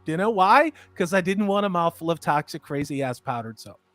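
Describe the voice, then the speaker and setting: A man in his fifties chatting casually as a stream host, an animated storyteller who swings between loud and soft. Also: on the high side, fairly quick, dry recording, soft background music. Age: 50s. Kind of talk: casual chat.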